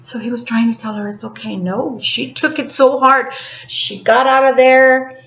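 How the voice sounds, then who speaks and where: Animated woman retelling a story, roomy echo. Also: a little high, normal speed. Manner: animated retelling, acting out quotes. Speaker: tarot reader. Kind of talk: casual storytelling to camera.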